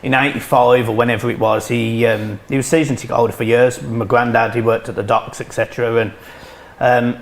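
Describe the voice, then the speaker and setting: A man's voice: mid-range voice, level tone, brisk, creaky. A man with a Birmingham accent chatting as a panel guest, rambling and joking at his own expense. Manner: rambling, chatty, self-mocking. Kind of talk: casual chat.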